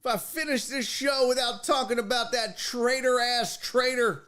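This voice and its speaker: A man's voice: very high voice, moderate pace, bright, forceful tone, clean tone. A man hosting a sports show, ranting casually in a profane, mocking way. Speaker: sports podcast host.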